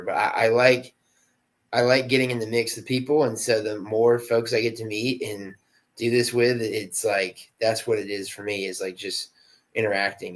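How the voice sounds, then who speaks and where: A man's voice: lowish voice, a bit bright, poor audio. A man, an actor guest on a podcast, talking in a laid-back, slangy way with lots of "dude" and "like.". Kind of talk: casual interview chat.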